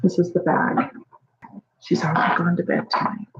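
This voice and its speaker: A mother in casual home video talk, rambling warmly with many fillers and restarts, proud of her daughter. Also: fairly low pitch, monotone, moderate pace, noisy background. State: emotional, near tears at times. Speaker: proud mother sharing a story. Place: home at night. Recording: dull lo-fi home recording.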